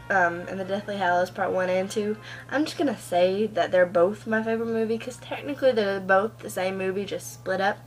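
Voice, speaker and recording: A woman's voice: mid-range voice, poor audio. Casting: teen girl vlogger, chatty and rambling, webcam mic, faint music under. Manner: gushing, rambling with many ums and likes. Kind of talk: casual chat. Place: at home in front of a computer.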